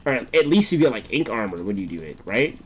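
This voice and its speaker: A young man streaming a game, chatting casually, swearing often and breaking into laughter and excited outbursts. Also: mid-range voice, brisk. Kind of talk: casual gameplay commentary.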